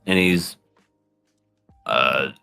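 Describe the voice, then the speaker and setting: A man co-hosting a podcast in casual chat, animated and laughing often as he acts out scenes. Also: very deep voice, drawn-out words, gravelly, clear, resonant tone, soft background music. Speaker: podcast co-host.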